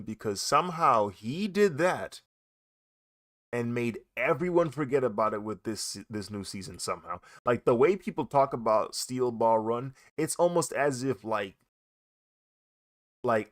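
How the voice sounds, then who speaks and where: A young man chatting casually while he draws, animated and laughing often as he talks. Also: mid-range voice, moderate pace. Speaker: artist vlogger. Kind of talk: casual chat while drawing.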